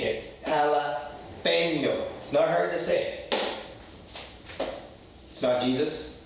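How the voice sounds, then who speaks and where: A man's voice: mid-range voice, background noise. A man teaching a casual language lesson, blunt and profane, checking in with "okay?" again and again. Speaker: Spanish teacher. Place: room in Lima, Peru. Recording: very echoey room, voice from a distance.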